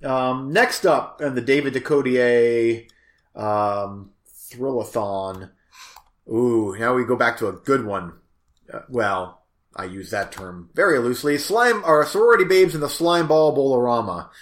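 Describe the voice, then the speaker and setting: A man hosting a casual chat about movies, rambling and halting with many fillers and self-corrections. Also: medium pitch, reverberant. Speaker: host reviewing movies.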